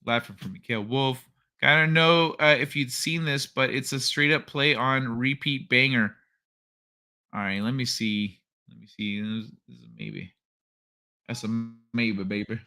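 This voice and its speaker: A man's voice: mid-range voice, measured pace, bright, forceful tone. A man hosting a livestream, chatting casually and reading out viewer comments in a rambling way. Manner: rambling, thinks aloud, frequent restarts. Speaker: livestream host.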